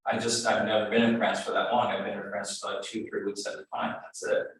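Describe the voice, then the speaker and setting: A man's voice: lowish voice, brisk. Blunt Californian man, echoey and distant. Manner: blunt, animated, retells stories with acted quotes. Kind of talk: casual coaching talk. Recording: echoey room, voice from far off.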